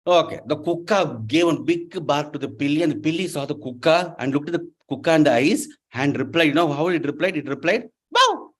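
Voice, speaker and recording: A man's voice: fairly high pitch, brisk, few pauses, slightly rough. Playful man lecturing a class. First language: not Telugu. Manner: playful, engages audience with questions. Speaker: guest lecturer. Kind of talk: interactive storytelling lecture. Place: university lecture hall.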